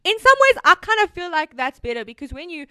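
A woman's voice: very high-pitched, quick pace, no echo. Chatty woman co-host, dry close sound. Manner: animated storyteller, many fillers and restarts. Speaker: podcast co-host. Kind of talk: casual chat.

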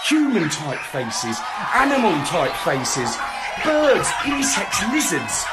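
A man narrating a children's story in an expressive, theatrical way. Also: high voice, slow. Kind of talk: scripted narration.

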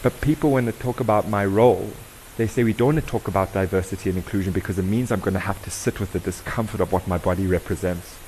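Workshop facilitator, South African man, conversational and engaging, lower pitch, slight hiss. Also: fast talker, few pauses, poor audio. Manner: lively, conversational, quizzing the audience. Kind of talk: interactive talk to an audience.

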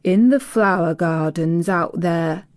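A gruff old gardener grumbles in plain, old-fashioned country speech, as a woman narrator puts him on. He talks slowly and bluntly, with little patience for questions. The storybook sound is close and dry. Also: fairly low pitch, no room sound. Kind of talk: audiobook character voice.

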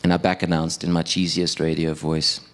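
Low-voiced young South African man, self-deprecating stand-up, loose and chatty with the room. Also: level tone, a little fast. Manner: self-deprecating, conversational with the audience. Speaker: stand-up comedian and radio producer. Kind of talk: stand-up comedy set. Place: live stage performance.

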